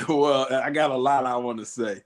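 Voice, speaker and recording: A man's voice: medium pitch, moderate pace. A man calling into a show who greets the host formally and speaks with some hesitation. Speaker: caller.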